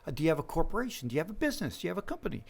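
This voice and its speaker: A middle-aged man who lends money to businesses and is the guest in this casual interview. His voice sits a little high for a man and moves up and down a lot. He tells his stories by acting out every line of dialogue. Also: racing, vocal fry, husky. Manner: animated storyteller acting out dialogue.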